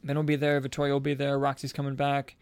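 A man's voice: mid-range voice, completely flat delivery, fast talker, smooth, no room sound. A young man hosting a casual podcast, rambling and restarting his sentences often, with frequent laughter. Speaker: podcast host and filmmaker.

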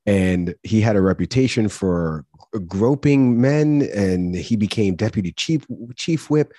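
Low, husky man chatting loosely. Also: animated, unhurried, dark tone, no echo, studio quality. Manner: rambling, chuckling, restarts often. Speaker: podcast co-host. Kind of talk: casual chat.

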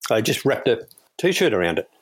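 Husky-voiced Australian man telling stories. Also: fairly low pitch, very animated, moderate pace, no echo. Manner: laid-back anecdotal, chuckles while telling stories. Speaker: guest, police air rescue crewman. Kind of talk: casual storytelling interview.

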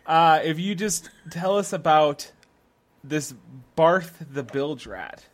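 A man playing in a tabletop game, chatty and excitable, often stammering and restarting. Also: fairly high pitch, takes it slowly. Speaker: player. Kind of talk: casual tabletop role-play chat.

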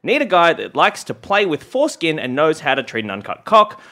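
A man from Australia, a comedian hosting a podcast, telling stories in animated, laughing banter. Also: fairly high pitch, fairly quick. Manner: animated, laughing, swearing storyteller.

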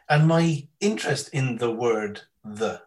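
A man's voice: medium pitch, animated, takes it slowly, poor audio. A man chatting casually on a podcast as a guest, telling long rambling stories. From half English, half Irish. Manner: rambling storyteller, mimics voices in anecdotes. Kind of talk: casual chat.

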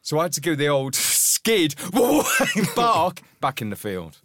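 A man co-hosting a podcast, telling a funny story in a casual, swearing, animated way and acting out the voices. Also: a little high, takes it slowly, no echo. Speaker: podcast co-host.

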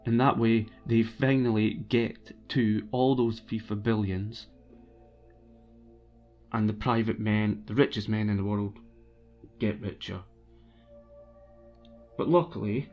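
In this casual ranting monologue, a man with a fairly low voice streams alone, sounding blunt and opinionated and often restarting his sentences. The high frequencies of his audio are cut off.

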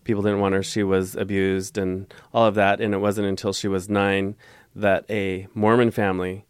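A man's voice: sits low, little pitch movement, normal speed, clear, resonant tone, no echo. A man guest telling a heartfelt family story in a casual interview, earnest and rambling, on a close mic.

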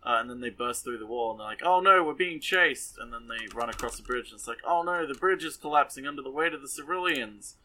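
A man's voice: medium pitch, steady tone, fast talker, hardly any pauses, bright, forceful tone, poor audio. A man casually recapping an anime episode for a podcast, sarcastic and exasperated, rambling with many fillers.

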